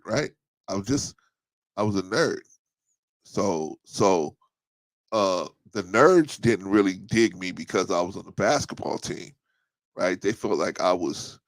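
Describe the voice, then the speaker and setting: Gravelly laid-back man on a livestream. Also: lowish voice, fairly bright tone, no echo. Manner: laid-back, storytelling, repeats himself, reads out chat comments. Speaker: livestream host. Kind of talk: casual live-stream chat.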